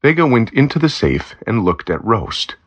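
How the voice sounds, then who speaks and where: A man reading a story aloud as narrator, steady and plain, lightly voicing the characters. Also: medium pitch, moderate pace, breathy edge. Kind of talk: scripted narration of a graded reader story.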